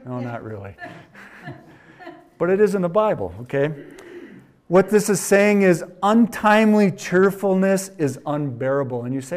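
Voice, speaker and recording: A man with a Wisconsin accent preaching a sermon, reading verses loudly and dropping to quiet asides. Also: fairly high pitch, animated, normal speed. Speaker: pastor.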